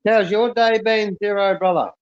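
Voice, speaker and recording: A man's voice: sits high, moderate pace, clean tone, no echo. An easygoing man chatting as a guest on a livestream. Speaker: stream guest. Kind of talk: casual livestream chat. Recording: dull, dry lo-fi mic.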